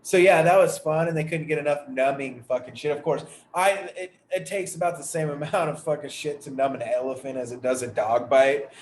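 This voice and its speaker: A man's voice: fairly high pitch, fairly quick, few pauses. Rambling, foul-mouthed man in an echoey room. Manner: rambling, heavily profane storytelling. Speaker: podcast host. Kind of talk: casual storytelling chat. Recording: echoey room with faint noise.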